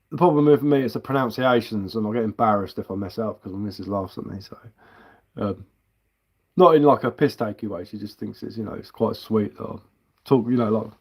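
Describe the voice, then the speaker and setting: A man's voice: mid-range voice, slightly rough. A middle-aged man from England, chatting casually on a live stream, rambling, swearing freely and laughing often.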